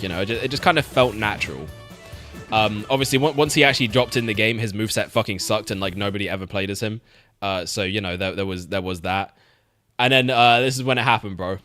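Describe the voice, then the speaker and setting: A man's voice: on the low side, sharp tone. A young man streaming, chatting casually about games, swearing freely and laughing often. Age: young adult. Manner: laid-back, swears, laughs often, repeats words.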